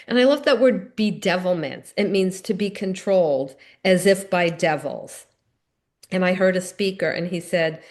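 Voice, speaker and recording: A woman's voice: medium pitch, darkish tone. A middle-aged woman giving a recovery meeting talk, telling personal stories in an earnest, conversational way.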